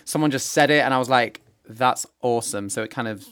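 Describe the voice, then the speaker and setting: A young man with a British accent, chatting as a performer guest in a relaxed, self-deprecating way with lots of fillers. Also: medium pitch, brisk, smooth, dry recording, clean studio sound. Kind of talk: casual interview chat.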